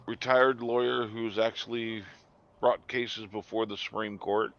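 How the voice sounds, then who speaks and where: A man's voice: on the low side, steady tone, a little slow, a crowd in the background. A man co-hosting a casual commentary chat, making dry, sarcastic asides. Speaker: co-host. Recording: dull lo-fi sound.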